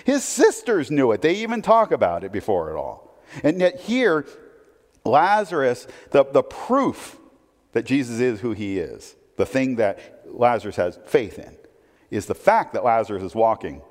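A man's voice: medium pitch, sing-song, measured pace, a little mellow, big-room sound. A man preaching a sermon in a conversational way, asking his listeners rhetorical questions. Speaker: pastor.

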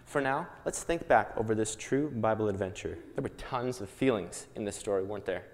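A man leading a children's Bible lesson, playful and animated, coaxing the audience to join in. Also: lowish voice, brisk. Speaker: children's Bible program leader. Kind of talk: lively kids' Bible lesson with skit. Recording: echoey hall.

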